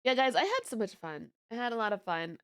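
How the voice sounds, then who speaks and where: Young woman vtuber just chatting, kinda tired, laughs a lot, bit high-pitched. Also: quick pace, smooth. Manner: chatty, giggly, animated storytelling with voice swings. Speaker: VTuber streamer. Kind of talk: casual stream chat.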